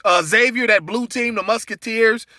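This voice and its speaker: A man with a high, bright voice hosts a sports betting show, running through the day's picks in a casual monologue. He rambles, trips over names and restarts his sentences. His voice comes across dry and close, with no room sound. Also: moderate pace, no room sound. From Cincinnati area. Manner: loose, rambling, with many fillers and restarts. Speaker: sports betting podcast host.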